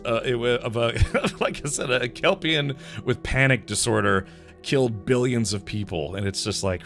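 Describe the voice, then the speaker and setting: A man's voice: mid-range voice, fairly bright tone. Rambling, chuckling male game streamer. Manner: rambling, laughs often, restarts sentences. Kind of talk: casual live-stream chat while gaming.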